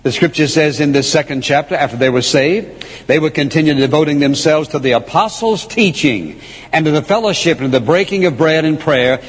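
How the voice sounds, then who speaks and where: A man preaching a sermon, emphatic and repeating key phrases, slowing down to read scripture. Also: on the high side, animated, slightly rough. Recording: long hall reverb.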